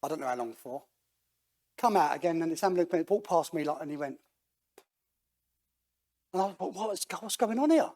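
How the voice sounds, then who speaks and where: A man giving a personal testimony at a church, talking conversationally with halting restarts and acting out the voices of the people he quotes. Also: on the high side, animated, a little mellow. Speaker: guest speaker telling his life story. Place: church hall.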